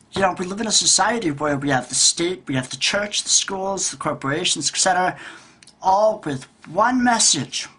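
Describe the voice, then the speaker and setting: Frustrated husky man in his thirties. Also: fairly high pitch, a bit bright. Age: 30s. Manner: frustrated, profane, rambling with restarts. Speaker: vlogger. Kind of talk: ranting vlog monologue. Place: at home by a table.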